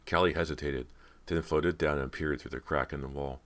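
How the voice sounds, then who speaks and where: Super deep-voiced guy reading a spooky audiobook, slow and dramatic. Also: fairly even intonation, a bit bright. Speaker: audiobook narrator. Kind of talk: scripted horror narration.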